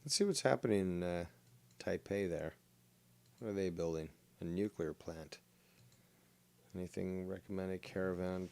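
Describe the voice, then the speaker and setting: A man's voice: deep voice, creaky, darkish tone. A man streaming a strategy game, thinking aloud with many fillers and making crude, sarcastic remarks. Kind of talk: live gaming commentary.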